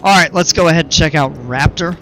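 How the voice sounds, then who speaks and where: A man's voice: on the high side, brisk, a bit bright, soft background music. Easygoing man streaming a game. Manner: easygoing, rambling, chatty with viewers. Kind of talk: casual live gameplay commentary.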